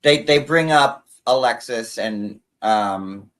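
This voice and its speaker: A man's voice: mid-range voice, slow, a bit bright, low-quality recording. A man hosting a live show recap, gossiping animatedly, mimicking the people he quotes, and talking between bites of food on a computer mic. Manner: talks while snacking. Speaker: host.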